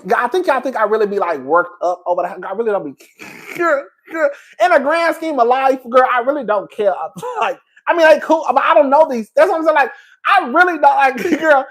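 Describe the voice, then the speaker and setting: A man with a high, fairly bright voice hosts a casual gossip livestream, reading the chat with sass and playful drama. He laughs often, exaggerates for effect, and calls everyone "girl."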